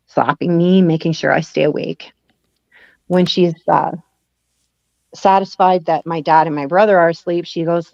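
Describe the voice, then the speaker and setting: Woman, interview guest, personal storytelling, lower voice, dull lo-fi recording. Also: vocal fry, no echo. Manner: acts out quoted dialogue, laughing at times. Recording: dull lo-fi sound, dry.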